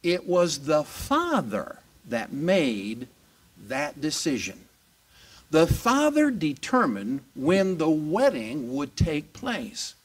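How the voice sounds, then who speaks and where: A male pastor preaching a sermon in an animated, emphatic way, questioning and answering his congregation. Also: fairly high pitch, slow pace. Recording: voice distant from the mic.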